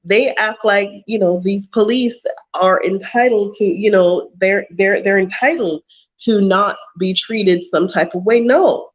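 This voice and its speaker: A woman's voice: medium pitch, a little slow, dull audio. A woman vlogger giving blunt advice to her viewers on a live chat stream. She talks in an emphatic, preachy way and repeats lines for stress. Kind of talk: casual livestream advice talk.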